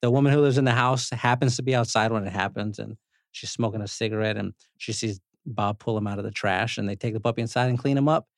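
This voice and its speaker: A man hosting a podcast, recapping movie scenes in a lively, joking way, with casual swearing. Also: on the low side, fast, no room sound, studio quality. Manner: animated storyteller, swears, laughs often. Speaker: podcast host.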